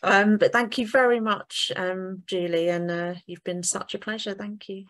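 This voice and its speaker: A woman's voice: mid-range voice, fairly even intonation, normal speed. A woman hosting a podcast, praising her guest effusively while wrapping up the interview. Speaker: podcast host. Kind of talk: interview wrap-up.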